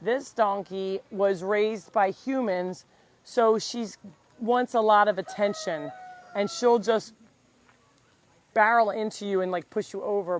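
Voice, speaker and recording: A woman who runs an animal sanctuary, chatting casually on a live tour outdoors and cooing at the animals. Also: mid-range voice. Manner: chatty, talks baby-talk to animals. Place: outdoors on a farm. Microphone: handheld mic.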